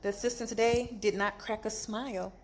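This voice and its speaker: A woman telling a storytime vlog from a hospital bed after surgery, animated and exasperated, in pain. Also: a little high, fairly quick, a little hiss or hum. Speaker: vlogger.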